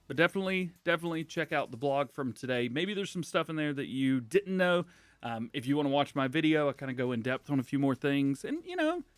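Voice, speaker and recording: A man's voice: on the high side, a bit bright, no room sound. A man hosting a casual gaming news livestream, rambling, laughing often and apologizing to chat. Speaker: livestream host.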